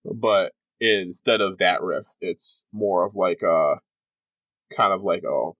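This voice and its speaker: A man's voice: low-pitched, slow pace, a bit bright, no echo. A young man narrating a tabletop game as game master, rambling and full of fillers.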